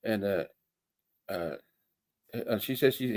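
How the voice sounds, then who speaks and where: A man's voice: medium pitch, normal speed. Rambling, folksy man reviewing comics. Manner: rambling, hesitant with many fillers; folksy sayings.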